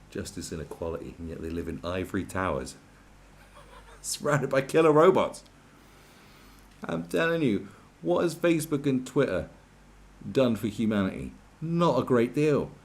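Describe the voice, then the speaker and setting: A man delivers a profane, sarcastic rant. His pitch swings widely as he mocks and complains, his exasperation plain in every jab. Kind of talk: ranting commentary.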